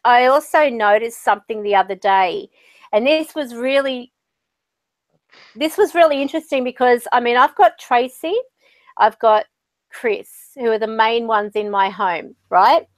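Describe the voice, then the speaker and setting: On the high side and unhurried, this chatty woman medium and channel host sounds dry and close, with no echo. She's in casual conversation, storytelling and slipping into quoted voices.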